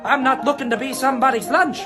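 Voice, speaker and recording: A man's voice: very high-pitched, over music, pitched above the performer's own voice. A man voicing a brash 1940s Hollywood leading man, wisecracking in old-time movie acting style. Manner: fast-talking, wisecracking, transatlantic bluster.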